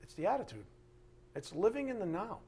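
Husky, higher-pitched middle-aged male preacher; emphatic and rhetorical, swinging loud to soft. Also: very animated, brisk. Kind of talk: sermon.

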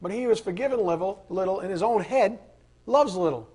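High-voiced man teaching scripture. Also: animated, fairly quick, a little mellow, breathy edge. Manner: earnest, reads passages aloud with casual asides. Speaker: Bible study teacher. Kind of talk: conversational Bible teaching.

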